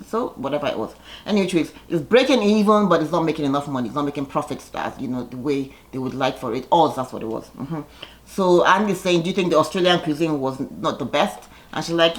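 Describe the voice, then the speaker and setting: A woman giving a casual, gossipy recap of a reality show, chatty and animated when she quotes people. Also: sits low.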